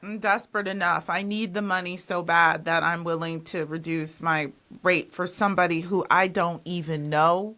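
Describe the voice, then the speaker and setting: A woman's voice: on the low side, steady tone, normal speed, hardly any pauses, sharp tone. A woman hosting a podcast interview, talking in an emphatic, casual way and repeating words when she stresses a point. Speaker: podcast host.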